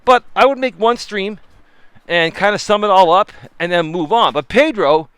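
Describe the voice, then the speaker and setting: A man's voice: high voice, normal speed, clear, resonant tone, no room sound. A man hosting a casual live stream as a life coach, talking emphatically to his viewers while walking with his phone. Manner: animated, emphatic, talks to chat viewers. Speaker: life coach and livestream host.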